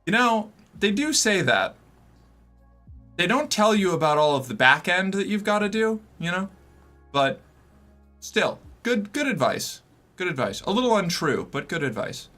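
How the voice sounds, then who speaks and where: A man's voice: high-pitched, very animated, unhurried, sharp tone, soft background music. A young man from the US Northeast streaming and chatting casually with viewers, talkative and rambling with many fillers. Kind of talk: casual chat reading viewer messages.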